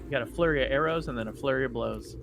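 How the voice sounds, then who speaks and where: A man's voice: mid-range voice, racing, vocal fry, over music. A man playing in a tabletop game, bantering with slangy jokes. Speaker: player. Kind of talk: casual tabletop play.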